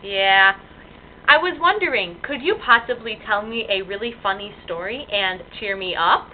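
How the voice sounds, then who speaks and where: A woman's voice: mid-range voice, animated, moderate pace, a little hiss or hum. A young woman chatting casually and playfully over a tinny phone line. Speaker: listener. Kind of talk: casual chat.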